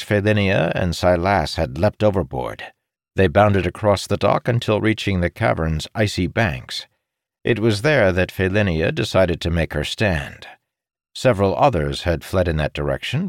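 A man reads a fantasy audiobook in a low, gravelly voice with lively rises and falls. The sound is dry and close, with no room echo. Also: moderate pace. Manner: expressive, dramatic storytelling. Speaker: audiobook narrator.

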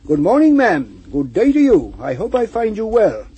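The voice is a lonely, good-hearted old troll from a storybook poem, slightly raised in pitch and rough and husky in tone, as a man reads him aloud. He speaks kindly and earnestly, sometimes turning firm. The overall timbre is dark and mellow. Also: expressive, moderate pace, dull audio, heavily acted. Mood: gentle. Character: lonely gentle old male troll, kind. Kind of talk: poetry reading.

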